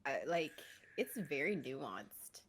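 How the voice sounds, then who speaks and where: A woman co-hosting a casual comedy chat, telling animated stories that trail off and restart. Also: extremely low pitch, slow pace, slight background noise. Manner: animated storytelling, trails off and restarts, laughs easily. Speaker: podcast co-host.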